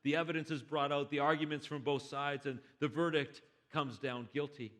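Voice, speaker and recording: A man's voice: a little high, steady tone, moderate pace, fairly bright tone. A man preaching a sermon as a pastor, telling a story with animation and stammered restarts. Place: church.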